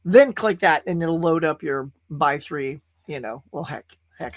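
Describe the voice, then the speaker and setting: A man's voice: a little high, a little slow, few pauses, no room sound, studio quality. A man from California, host of a casual live-stream show, talking in a rambling, chatty way and reading viewers' comments aloud. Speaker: podcast host.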